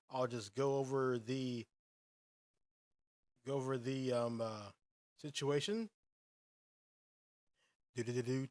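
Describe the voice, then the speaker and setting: A man's voice: on the high side, no room sound, studio quality. A young man hosting a podcast quiz round, upbeat and announcer-like, reading out answer choices and players' picks. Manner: upbeat, announcer-like, hums filler while waiting. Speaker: podcast host running a quiz. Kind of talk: energetic quiz show hosting.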